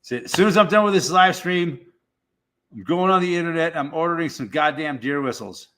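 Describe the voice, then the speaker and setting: A man's voice: on the high side, fairly quick, sharp tone. A middle-aged man hosting a casual live stream, rambling and swearing in a laid-back way.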